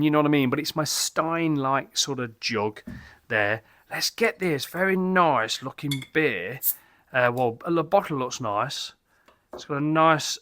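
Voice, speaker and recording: Chatty bright-voiced English beer vlogger. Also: male voice, mid-range voice, dry recording, clean studio sound. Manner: chatty, rambling, enthusiastic, stumbles over German names. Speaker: beer reviewer, channel host. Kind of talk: casual beer review vlog. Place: home garden pub.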